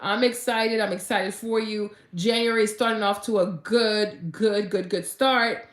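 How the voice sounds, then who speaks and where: A woman fitness vlogger talks straight to her viewers in a casual, gushing way, peppering everything with "like" and spilling into excited bursts. Her voice sits at an ordinary middle pitch. The room around her is noticeably echoey. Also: unhurried. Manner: gushing and chatty, heavy use of "like", and bursts of excitement. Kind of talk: casual motivational vlog talk.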